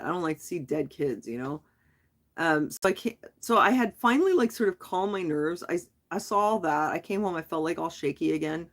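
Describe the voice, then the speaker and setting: Rambling woman vlogger, chatty. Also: on the low side. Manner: rambling, animated storytelling with restarts. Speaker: live-stream vlogger. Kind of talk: casual chat.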